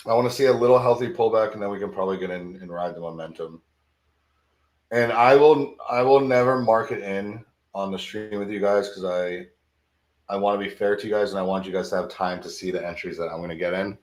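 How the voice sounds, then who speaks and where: A man's voice: lowish voice, fairly even intonation, fairly quick, echoey room. A man hosting a live trading stream, talking casually and thinking aloud, often repeating his words. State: sleepy, yawning. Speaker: livestream futures trading host.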